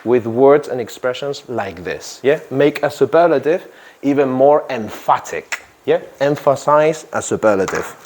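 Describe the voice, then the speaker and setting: A man's voice: medium pitch, expressive, unhurried, darkish tone, a little hiss or hum. A man teaching an English grammar lesson to a class, repeating phrases and checking in with "yeah?" after nearly every point.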